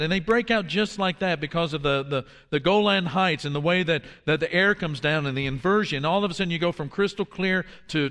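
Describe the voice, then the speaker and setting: Storytelling pastor preaching a sermon. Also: male voice, sits high, long reverb tail. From Washington, D.C. area. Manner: storytelling, animated with drops to a hush for quoted lines.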